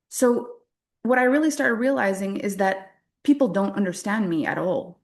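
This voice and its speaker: A woman's voice: medium pitch, moderate pace. A woman from French-speaking Canada giving a motivational workshop talk as a business coach, candid and self-deprecating, laughing often.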